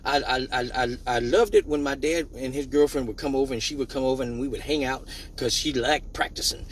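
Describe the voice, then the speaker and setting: A man hosting a live show, telling a personal story in a casual, animated way, swearing freely and acting out the dialogue. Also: medium pitch, brisk, slight background noise.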